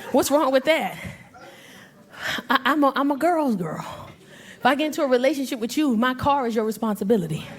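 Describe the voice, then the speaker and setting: A woman in her forties performing stand-up comedy, telling brash, profane stories loudly and acting out other people's voices. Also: high voice, lively intonation, quick pace. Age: 40s. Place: comedy club stage. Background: audience laughter.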